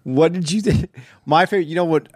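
A man co-hosting a casual movie podcast who talks fast, restarting phrases as he hunts for the right word. His voice sounds dry and close, with no room echo. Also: a little high, darkish tone. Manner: quick, halting, searches for words. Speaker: podcast co-host.

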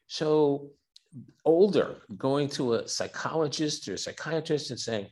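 A man's voice: fairly high pitch, unhurried. An older man, a physician and author, telling personal stories as a podcast guest, acting out dialogue and often restarting his words. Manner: animated storyteller who acts out dialogue, with repeated starts. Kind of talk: candid interview storytelling.

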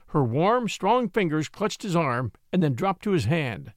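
A man narrating a story in an expressive, measured reading. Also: a little high, no room sound, studio quality. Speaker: audiobook narrator.

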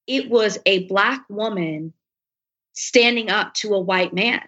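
On a dull, lo-fi recording, a female podcast guest recounts something from her own life with candor and animation. Her voice sits in the middle range and her pace is slow, and she performs the quoted speech of the people in her story.

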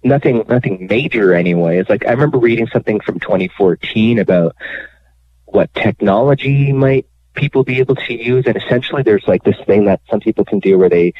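A man being interviewed on the radio, telling his own story in a candid, animated way with many fillers. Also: lowish voice, brisk, dry recording. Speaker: guest telling his bank fraud story. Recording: dry phone line.

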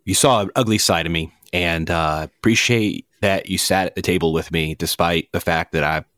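An actor playing a hot-tempered, struggling devout Christian man, lurching between shouted accusations and sheepish apologies on an improvised comedy podcast. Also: low voice, normal speed, no echo, clean studio sound. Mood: contrite. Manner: volatile, yelling accusations then sheepish apologies. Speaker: returning guest.

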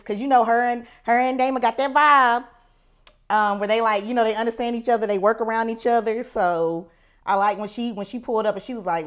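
A woman gives her opinions in quick, colloquial chat, repeating her points for emphasis. Her voice sits in a mid range and the words tumble out fast. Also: mid-range voice, clear, resonant tone. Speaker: podcast co-host. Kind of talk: casual chat, giving opinions.

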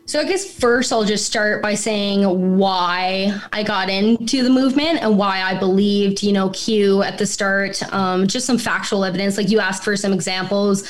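A woman's voice: medium pitch, fairly even intonation, normal speed, hardly any pauses. A woman guest on a casual podcast chat who talks in a profane, rambling and incredulous way.

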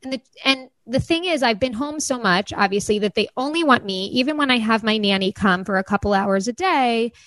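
A woman's voice: fairly high pitch, animated, brisk, hardly any pauses, fairly bright tone, no room sound, rough recording. A woman in her thirties co-hosting a podcast, speaking earnestly and emotionally about her week. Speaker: podcast co-host. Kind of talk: casual chat.

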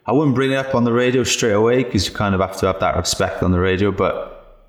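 Joking man with a deep voice. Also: little pitch movement, fast, echoey room. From Wales. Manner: jokey, swears freely, tells anecdotes. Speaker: podcast host. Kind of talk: casual podcast chat.

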